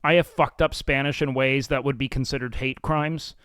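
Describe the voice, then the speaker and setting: A man of Mexican and Salvadoran heritage hosts a livestream, chatting casually and reading chat in a blunt, profane, self-mocking way. His mid-range voice is fairly even, fairly bright, clear and resonant, at normal speed, recorded in studio quality with no room sound.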